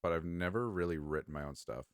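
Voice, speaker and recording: A man's voice: sits low, fast talker, no echo, studio quality. A young man co-hosting a podcast, chatting casually and teasing his co-host. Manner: teasing, joking. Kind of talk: casual chat.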